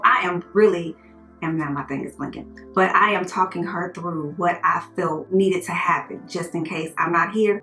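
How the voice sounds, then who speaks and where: Woman, storytime vlog, earnest and animated, forceful bright tone, echoey room. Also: lowish voice, normal speed, soft background music. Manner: earnest, animated retelling with quoted dialogue. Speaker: vlogger telling a personal story. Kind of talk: casual storytime monologue.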